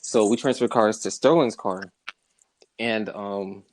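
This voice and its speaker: A young man co-hosting a podcast, telling stories in a relaxed, teasing way with frequent laughs. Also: lowish voice, takes it slowly, dry recording, rough recording. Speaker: podcast co-host. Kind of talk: casual chat.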